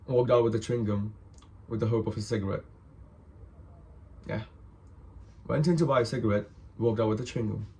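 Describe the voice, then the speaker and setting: A man telling a personal story to the camera in a casual, animated way, swearing often and acting out the other people in it. He sounds hungover. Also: fairly low pitch, normal speed, long pauses.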